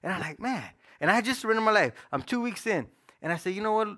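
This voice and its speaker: A middle-aged man preaching a personal testimony in casual, slang-filled storytelling that swings between loud and hushed. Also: high voice, animated, fast talker. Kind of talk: sermon testimony.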